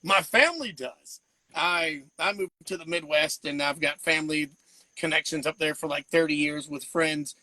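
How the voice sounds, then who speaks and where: High, bright-voiced man. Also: dry recording, low-quality recording. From Georgia. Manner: fast, rambling, laughs often. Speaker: podcast host. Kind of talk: casual live-stream chat.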